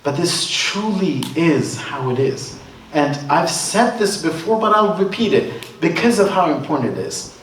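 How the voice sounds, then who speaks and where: A man's voice: on the high side, expressive, measured pace, fairly bright tone, distant mic, a little hiss or hum. A man giving a sermon at a religious gathering, talking in a casual, joking way while telling stories. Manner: conversational, joking storytelling. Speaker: religious speaker. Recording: roomy hall from afar.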